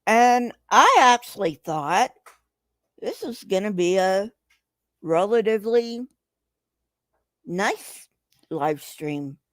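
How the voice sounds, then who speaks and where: A woman's voice: mid-range voice, animated, slow, long pauses, dry recording. A woman hosting a casual livestream, talking to her chat in an emphatic, profane, agitated way. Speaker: livestream host reading chat.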